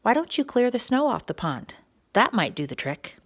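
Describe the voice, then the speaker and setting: A woman reading a children's storybook, voicing a cheerful, bossy female groundhog in a bright, brisk way. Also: a little high, very animated. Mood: chirpy.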